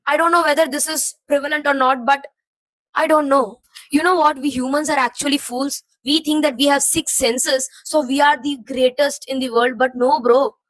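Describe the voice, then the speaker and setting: A woman's voice: high voice, steady tone, normal speed, fairly bright tone, no echo, low-quality recording. A young woman talking to her viewers, venting her jumbled thoughts in a rambling, confused and frustrated way while feeling emotionally heavy. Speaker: vlogger. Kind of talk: personal venting to camera.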